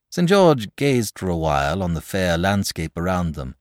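A man reading a classic story aloud, measured and even between character voices. His mid-range voice moves with a wide, lively lilt, recorded dry and close to the mic. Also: sits low, dry recording. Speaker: narrator.

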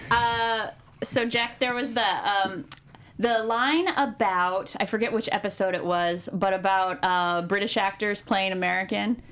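A woman's voice: medium pitch, fairly even intonation, measured pace, fairly bright tone, clear, resonant tone. Hesitant woman asking questions. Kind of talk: casual interview chat.

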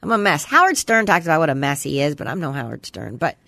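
A woman in her forties chats as a podcast co-host, rambling freely and slipping into animated voices when she retells stories. Her voice sits a little low and sounds slightly stuffed up. It is recorded close and dry, with no room sound. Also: vocal fry, dry recording. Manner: chatty, rambling, quick to quote others in an animated voice. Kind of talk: casual chat.

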